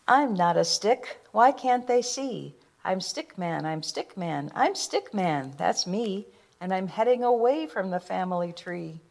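A woman's voice: mid-range voice, animated, unhurried, creaky, a little mellow. A woman voicing Stickman, a small earnest stick man, in a storybook reading, repeating a sing-song refrain. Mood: pleading.

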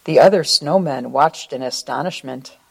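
A woman reading a children's story aloud at a church service in a slow, expressive way, ending with a short prayer. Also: deep voice, creaky, breathy edge.

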